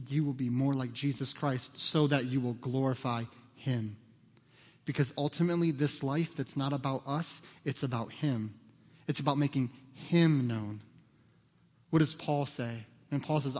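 A man preaches in a church sanctuary, then moves into prayer. His voice sits in a middle pitch and builds to loud, earnest peaks before dropping soft. A long hall reverb trails every phrase. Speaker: pastor. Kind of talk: sermon and closing prayer.

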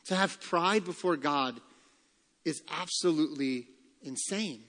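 Male pastor, emphatic sermon delivery, slightly high voice, live church reverb. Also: a bit bright. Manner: emphatic preaching, slowing and rising on key phrases. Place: church sanctuary. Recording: long church hall reverb.

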